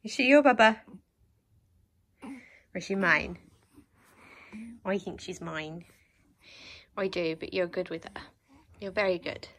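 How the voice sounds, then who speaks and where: A woman cooing to her dog and a baby at home, in a soft sing-song way. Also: fairly low pitch, lively intonation, slow, pauses often, slight background noise. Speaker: dog owner filming her pets. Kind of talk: cooing baby and pet talk. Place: home, indoors.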